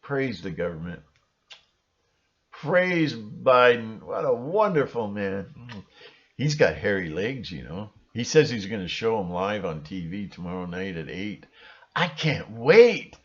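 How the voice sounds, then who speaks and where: A man hosting his own channel, talking in a rambling, sarcastic monologue with sudden shrill outbursts. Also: very animated, measured pace, lo-fi sound. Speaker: channel host.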